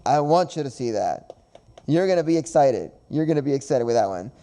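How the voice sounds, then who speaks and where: A man's voice: medium pitch, expressive, a little fast, dark tone. A man hosting a podcast in casual chat, rambling and repeating himself with frequent laughs. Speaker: podcast host.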